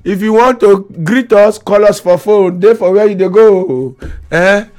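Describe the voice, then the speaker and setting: A man's voice: high-pitched, unhurried, darkish tone. A man with a Nigerian accent, teasing in casual chat, laughing often and echoing the other person's words back.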